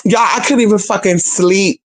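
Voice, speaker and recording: A young adult streamer telling a personal story to viewers in a casual, animated, profane way, often addressing them as "y'all" and "girl". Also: medium pitch, moderate pace.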